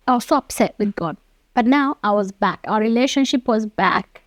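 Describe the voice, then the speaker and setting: Interview guest: earnest woman in her fifties, fairly high voice, dry close sound. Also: normal speed, no room sound, muffled recording. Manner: earnest, acts out quoted dialogue. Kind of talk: personal storytelling.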